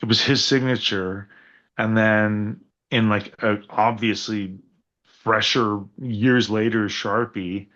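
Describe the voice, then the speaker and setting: A man on a podcast as a guest wrestler, telling rambling, profane stories in a casual, animated way. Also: fairly low pitch, takes it slowly, muffled recording. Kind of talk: casual storytelling chat.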